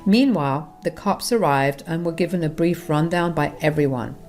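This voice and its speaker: A woman's voice: low-pitched, moderate pace, darkish tone, faint music behind. Woman telling a family drama story. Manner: conversational, addresses listeners directly. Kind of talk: first-person story narration.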